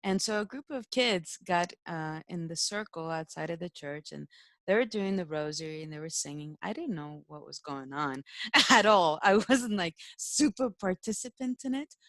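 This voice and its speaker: A woman's voice: fairly low pitch, lively intonation, normal speed, a bit bright, no room sound. A young woman, a spiritual teacher, telling a personal story in casual talk, emotional, laughing often and using many fillers.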